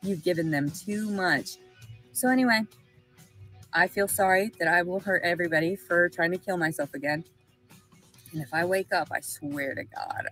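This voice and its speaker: A woman's voice: lowish voice, a bit bright, husky, poor audio. A woman with a Southern American accent, rambling emotionally and swearing through a livestream monologue. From Arkansas, USA.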